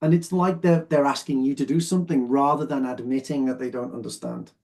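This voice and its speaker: A man's voice: mid-range voice, fairly even intonation, brisk, darkish tone. A man teaching an English exam lesson, explaining patiently and often checking that his students follow. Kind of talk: online lesson, explaining while sorting phrases.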